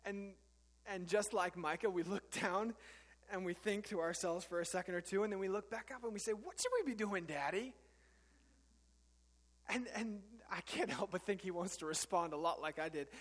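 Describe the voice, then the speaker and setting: Earnest high-voiced preacher in a reverberant hall. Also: male voice, a little fast, fairly bright tone. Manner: earnest, conversational, with frequent fillers and restarts. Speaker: pastor. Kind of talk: sermon.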